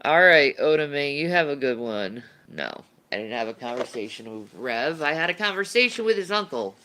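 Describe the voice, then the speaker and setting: A woman's voice: deep voice, expressive, normal speed, bright, forceful tone, slight background noise. A woman livestreamer chatting casually and answering viewer questions, rambling and laughing, often restarting her sentences.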